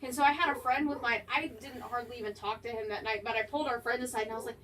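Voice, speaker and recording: A woman's voice: on the high side, fast talker. A woman paranormal investigator telling her experiences in a casual interview, chatty and full of "like" fillers. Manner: chatty, many "like" fillers, lively quoting. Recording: slightly distant mic with faint background noise.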